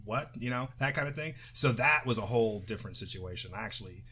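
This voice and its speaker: Tired and shaking off the flu, a middle-aged podcast co-host talks fast in loose, profane, rambling chat full of restarts. His voice sits on the low side, pushed and bright with a breathy edge and lively intonation.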